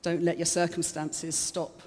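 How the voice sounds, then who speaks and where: A woman's voice: lowish voice, level tone, unhurried, a little mellow. A woman giving a chatty, conversational sermon, openly emotional and laughing often. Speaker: preacher. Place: church hall. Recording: long hall reverb.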